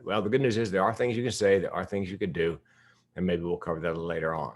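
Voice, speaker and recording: Low-voiced man giving a candid keynote. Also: fairly even intonation, fast talker. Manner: candid, self-deprecating storytelling. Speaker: keynote speaker. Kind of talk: humorous keynote speech.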